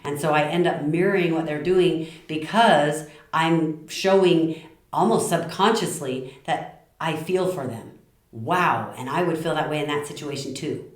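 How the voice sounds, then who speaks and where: Middle-aged woman, low voice, passionate talk to camera in an echoey room. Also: moderate pace. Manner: passionate, lively, acts out little quoted lines. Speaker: speaker giving communication tips.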